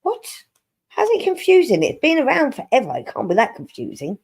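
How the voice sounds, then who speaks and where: A woman's voice: fairly high pitch, huge pitch swings, brisk, a little mellow, husky. A middle-aged woman hosting a casual stream chat, laughing often, swearing and reading viewer comments aloud.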